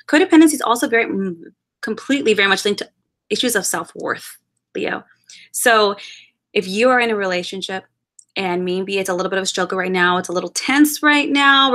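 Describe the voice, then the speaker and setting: A woman's voice: mid-range voice, sharp tone. A woman reading tarot cards for a monthly love forecast, talking to the listener directly in an earnest, reassuring and encouraging way. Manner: spiritual, encouraging advice-giving. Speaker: tarot card reader.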